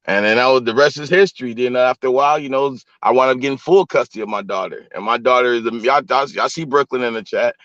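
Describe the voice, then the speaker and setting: A man's voice: medium pitch, fast talker, hardly any pauses, fairly bright tone, no room sound. A man vlogging from a vehicle on his phone, telling stories to his live chat in a loose, profane, talk-straight-to-you way. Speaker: vlogger and live-stream host. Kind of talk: casual storytelling to a live chat. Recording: dull lo-fi phone audio, dry.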